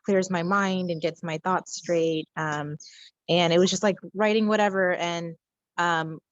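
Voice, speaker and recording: A woman guest author answers in a casual, hesitant way, filling her speech with ums and likes. Her voice is on the lower side. The recording is slightly dull and dry. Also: steady tone, unhurried, no room sound.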